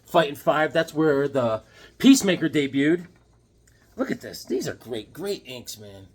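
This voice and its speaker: A man casually showing off his sketches and comics in an excitable, rambling, jokey way. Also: a little high, unhurried. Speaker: comic book vlogger. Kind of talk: casual show-and-tell vlog.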